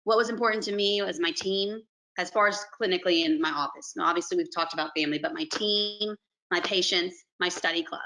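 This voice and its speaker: A woman's voice: on the low side, a little fast, pushed and bright, rough recording. Earnest woman on a video call. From Alabama. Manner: earnest, effusive, says "y'all". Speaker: periodontist, webinar panelist. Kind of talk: casual video-call panel talk.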